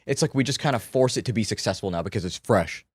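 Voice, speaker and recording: A young man co-hosting a podcast, talking in an animated casual way, swearing freely and calling his friends bro. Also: lowish voice, quick pace, husky, no echo, studio quality. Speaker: podcast co-host. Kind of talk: casual chat.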